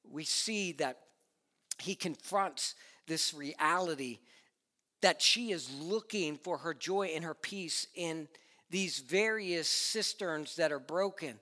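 A man preaches with fervor, his voice pitched a little high and ringing with a bright, forceful edge. He builds through repeated phrases toward climaxes, then drops to a hush. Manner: impassioned, swinging from loud declarations to hushed tones; uses repetition and builds to climaxes. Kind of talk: sermon.

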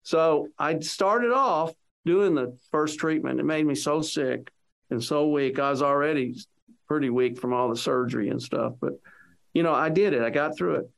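A man's voice: a little high, moderate pace, gravelly. A man as an interview guest, earnestly retelling a personal story and reliving the conversations in it.

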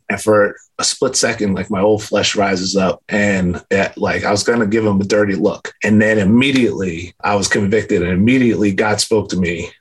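A man in his thirties sharing a personal faith testimony in a casual, earnest way, with lots of filler words and lively retelling. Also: lowish voice, slightly rough. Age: 30s.

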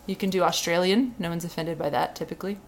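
A woman's voice: on the low side, fast, a little hiss or hum. A young woman co-hosting a podcast in casual chat, making wry, dry jokes. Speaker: podcast co-host, comedy writer.

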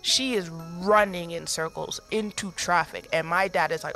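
A woman from the United States telling a story in casual group chat, acting out quotes with lively energy. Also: on the low side, moderate pace, faint music behind. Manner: animated storyteller, acts out quotes.

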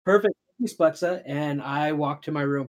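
A man playing in a tabletop game, breezy and quick with in-character replies. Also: on the high side. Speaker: player. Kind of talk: tabletop role-play.

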